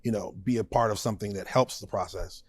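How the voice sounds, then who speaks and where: Emphatic, animated man in an interview. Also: on the low side, quick pace, breathy edge, no echo. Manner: emphatic and animated, punctuating points with short stressed words; laughs easily. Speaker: guest, supporting vocalist. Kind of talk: conversational interview.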